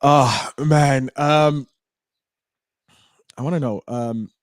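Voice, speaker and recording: A man's voice: mid-range voice, steady tone, extremely slow, no room sound, studio quality. A man hosting a podcast, talking casually and energetically, agreeing with his guest. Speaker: podcast host.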